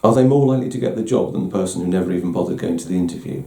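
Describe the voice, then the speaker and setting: Man hosting a candid personal talk: middle-aged, deep gravelly dark voice, self-deprecating, slightly echoey room. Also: very fast. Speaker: host. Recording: roomy echo.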